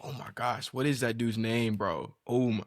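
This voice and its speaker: An American man co-hosting a podcast argues his point insistently in a casual debate, calling people "bro" often. He speaks at normal speed in a mid-range voice with a steady tone, and there's no echo.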